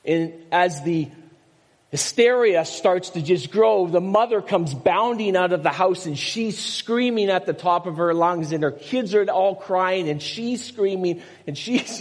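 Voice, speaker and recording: In a church sanctuary whose hall gives a long reverb, an older pastor delivers a conversational sermon. His high, unhurried voice moves through personal stories, asides and rhetorical questions.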